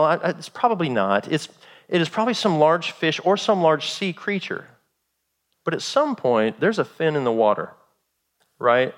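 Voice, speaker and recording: Animated, high-pitched male preacher. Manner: animated storytelling, acting out characters, dramatic volume swings. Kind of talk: sermon.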